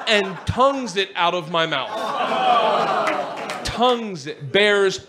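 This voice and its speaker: Animated man telling a story on stage. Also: high-pitched, takes it slowly, long pauses, a loud crowd. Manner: animated, acts out other people's voices, shouts at peaks. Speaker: stand-up comedian. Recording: live stage recording with loud audience laughter. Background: audience laughter and noise.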